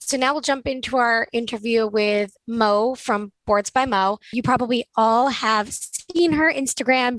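A woman's voice: a little high, fairly bright tone, no room sound, rough recording. A young woman co-hosting a podcast, upbeat and conversational as she leads into segments. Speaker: podcast co-host. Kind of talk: casual podcast chat.

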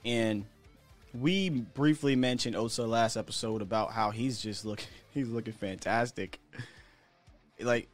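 An American man hosting a sports podcast, talking in a chatty, candid way with slang and the odd chuckle. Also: medium pitch. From United States. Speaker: podcast host. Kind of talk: casual sports talk commentary.

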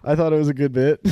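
A man's voice: on the high side, mellow, no room sound, studio quality. A young man co-hosting a podcast, joking around in casual banter, laughing often and swearing. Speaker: podcast co-host. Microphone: desk mic in front of laptop.

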